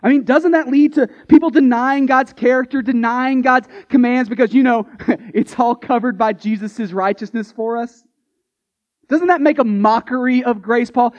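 Male Baptist preacher, high voice, conversational and punchy, muffled lo-fi sound. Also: moderate pace. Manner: conversational, emphatic, asks rhetorical questions. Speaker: Baptist pastor. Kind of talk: sermon.

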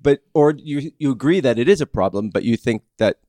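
A man hosting a casual podcast, explaining politics in a rambling, halting way with many restarts. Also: medium pitch, lively intonation, dark tone, dry recording, studio quality. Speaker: podcast host.

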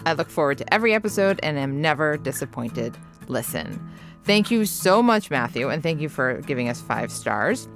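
A woman hosting a storytelling podcast, reading announcements and thanks in a steady way. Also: sits low, moderate pace, faint music behind. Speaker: podcast host.

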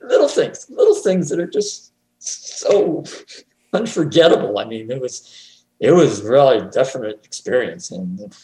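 A man chatting as a guest on a talk show, often chuckling and repeating words when he gets excited. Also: medium pitch, unhurried, slight background noise. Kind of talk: casual conversation. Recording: roomy echo.

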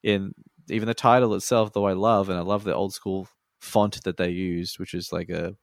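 A man's voice: deep voice, fairly even intonation, moderate pace, vocal fry, no echo, studio quality. A laid-back Australian man in casual chat, swearing freely and laughing often.

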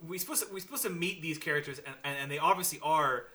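A man's voice: a little high, fast talker, bright, forceful tone. A man co-hosting a podcast, chatting casually about a movie, rambling with restarts and frequent laughter. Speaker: podcast co-host. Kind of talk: casual movie review chat.

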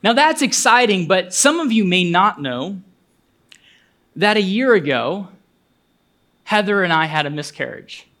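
A man's voice: sits high, very animated, a little slow, pauses often, sharp tone. A male pastor preaching a sermon, telling a personal story earnestly and building to fervent appeals.

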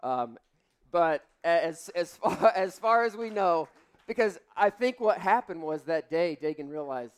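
Animated man telling a sermon story. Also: on the high side, measured pace, clear, resonant tone. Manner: animated, acts out voices in his story. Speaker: pastor.

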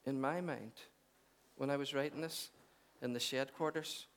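A man preaching a sermon, building to loud proclamations and dropping to hushed, intense passages. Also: medium pitch, fairly even intonation, moderate pace.

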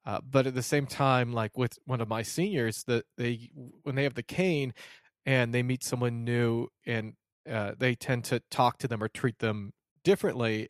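A man's voice: mid-range voice, no room sound, clean studio sound. A man hosting a podcast, asking questions and affirming his guest in an earnest, conversational way. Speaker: podcast host.

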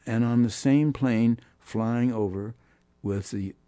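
An older man, a guest musician, telling animated anecdotes in an interview and voicing the people he quotes. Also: medium pitch, slow pace, no room sound, studio quality. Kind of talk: storytelling interview.

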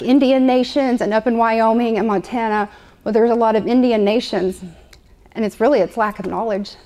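Chatty woman preacher, slightly high voice. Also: darkish tone. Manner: conversational, repetitive, playful asides. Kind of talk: sermon. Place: room with a live congregation.

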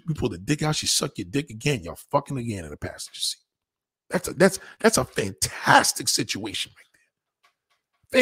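A man delivering a crude, profane comic rant, animated and acting out the people he talks about. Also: medium pitch, a little fast, breathy edge. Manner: profane, animated, acts out voices. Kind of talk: crude stand-up style rant.

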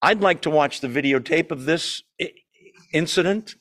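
A man whose voice sits fairly high teaches a small Bible study group at a normal speed, in a church room that also has people joining over Zoom. He keeps things lively and conversational, regularly questioning the group and slipping in dry jokes.

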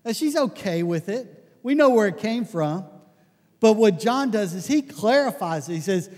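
A man preaching a conversational sermon, telling stories with lots of restarts and animated asides. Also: sits high, moderate pace, long reverb tail. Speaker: pastor.

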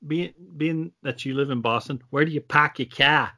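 A man hosting a casual interview, asking teasing questions in a relaxed way. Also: fairly high pitch, moderate pace. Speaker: podcast host.

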